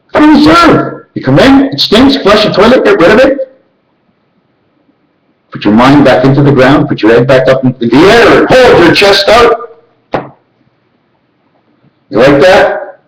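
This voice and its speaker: In a roomy, rough recording, a man delivers a rambling monologue. He chants numbers and letters in a rhythmic count, hopping from idea to idea with sudden leaps in pitch.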